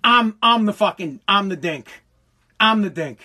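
A man's voice: sits high, animated, measured pace, pushed and bright. A man hosting his own podcast from his basement, ranting in a heated, profane way with frequent stumbles and repeated words. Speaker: podcast host. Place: home basement.

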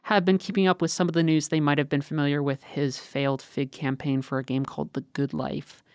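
A woman's voice: deep voice, a little fast, clean tone, no room sound, studio quality. A woman guest on a casual podcast, telling stories with gusto and swearing freely. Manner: animated,喜 swearing freely, storytelling; animated storyteller who swears freely. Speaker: podcast guest, games writer.

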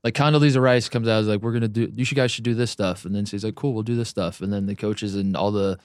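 A man's voice: on the low side, fairly even intonation, fast, darkish tone, no room sound. Dry, wry male podcast co-host. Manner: wry, dry, deflating commentary. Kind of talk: casual sports podcast chat.

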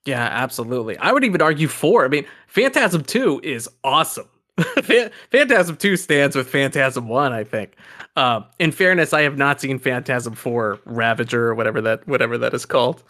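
A man co-hosting a podcast in casual film chat, enthusiastic and quick to laugh, recommending films with confidence. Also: mid-range voice, animated, pushed and bright.

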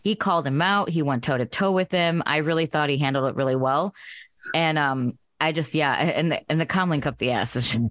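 A woman's voice: low voice, no echo, clean studio sound. A woman co-hosting a podcast in casual chat, blunt and full of profanity as she vents. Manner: blunt, profane, heated ranting. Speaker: podcast co-host.

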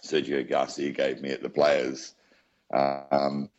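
A man's voice: very deep voice, completely flat delivery, slow pace, a little mellow, highs cut off. A man with an Australian accent, telling his story as an interview guest in a chatty, rambling way. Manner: chatty, rambling with many asides.

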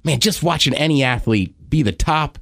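Brief: male podcast co-host, higher voice, animated sports explainer, dry close sound. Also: normal speed, vocal fry, dry recording. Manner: eager, nerdy sports explainer. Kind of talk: casual chat.

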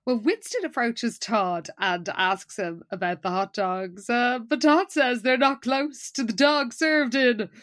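A woman co-hosting a podcast, recapping an episode in casual chat with giggly, animated storytelling. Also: on the high side, measured pace, hardly any pauses, no echo, studio quality. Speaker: podcast co-host.

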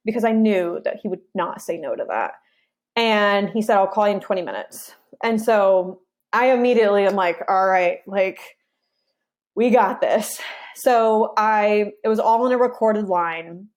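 A young woman speaks as a podcast guest. She tells a personal story casually, with a medium-pitched voice, and acts out her side of past conversations with lively energy. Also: measured pace. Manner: animated retelling, acting out her side of conversations. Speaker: interview guest.

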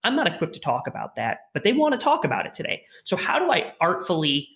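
A man's voice: high-pitched, huge pitch swings, fast talker, vocal fry, fairly bright tone. A man hosting a podcast, asking the guest curious, detailed questions built around example scenarios. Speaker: podcast host. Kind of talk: podcast interview.

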